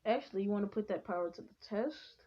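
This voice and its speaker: A woman casually spinning a fan story in a rambling way, with many restarts and quick switches into the characters' voices. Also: medium pitch, dull audio. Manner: rambling, full of fillers and restarts, jumping between voices.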